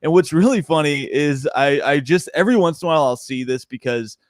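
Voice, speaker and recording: A young man, a stand-up comedian, chatting casually on a podcast, animated and laughing often. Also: a little high, fairly quick, no room sound, clean studio sound.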